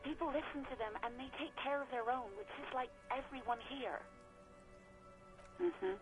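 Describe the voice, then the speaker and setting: Woman voicing a young ex-waitress, nervous, apologetic, evasive, fairly high voice, faint music behind. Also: moderate pace, close to an everyday voice, low-quality recording. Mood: anxious. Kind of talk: video game voice acting.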